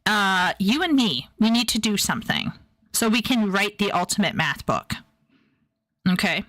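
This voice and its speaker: A woman's voice: mid-range voice, very animated, moderate pace, fairly bright tone, no echo, poor audio. A woman streaming and reacting to videos, chatting casually, playful and emotional with lots of repeated phrases.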